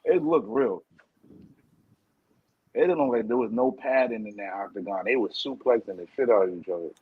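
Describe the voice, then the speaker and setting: A man's voice: on the low side, expressive, normal speed, breathy edge, phone-quality sound. A man co-hosting a casual talk show, talking in blunt slang. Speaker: podcast co-host. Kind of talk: casual chat.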